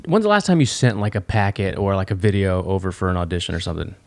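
A man with a lowish voice co-hosts a casual podcast, dropping short agreements and quick questions. His voice sounds dry and close, with no room echo. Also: very animated, creaky, darkish tone. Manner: brief agreeing interjections. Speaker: podcast co-host.

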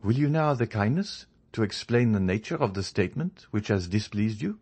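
A man reading a courteous, genial male journalist in a storybook, measured and increasingly firm. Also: lowish voice, lively intonation, darkish tone, voice pushed up. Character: genial male journalist, friendly yet proud.

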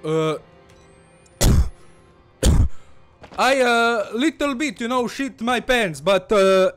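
A man with a high-pitched voice narrates a horror game as a comedic persona. He slips between halting English and his own language, swearing and muttering under his breath. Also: expressive, clean tone, soft background music. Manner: broken English mixed with Bosnian, frequent swearing, nervous muttering. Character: fearless-boasting Balkan village man persona. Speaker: gaming channel host. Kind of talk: comedic let's-play commentary.

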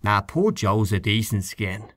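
A man voicing a moody, mild-mannered canvasser in a storybook reading, dubious and unhurried. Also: fairly low pitch, expressive, no room sound, clean studio sound.

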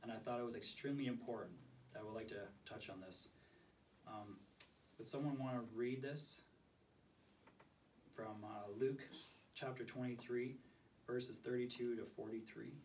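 A man with a hoarse voice giving a sermon to a small group, reading scripture aloud and asking for volunteers. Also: mid-range voice, normal speed, long pauses. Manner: asks the group questions, reads scripture aloud. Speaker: preacher. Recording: distant mic with faint background noise.

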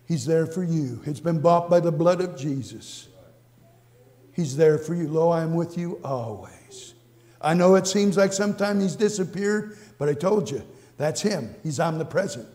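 A pastor with a high voice shares his own story within a sermon, speaking a little slowly in a church sanctuary whose long reverb trails after him. Earnest and repetitive, he moves from quiet, hushed moments to exclamations.

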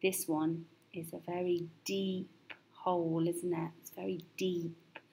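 Patient woman teaching phonics, gravelly. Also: fairly low pitch, level tone, warm tone. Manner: patient, encouraging, spells out sounds slowly. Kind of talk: phonics lesson for young children.

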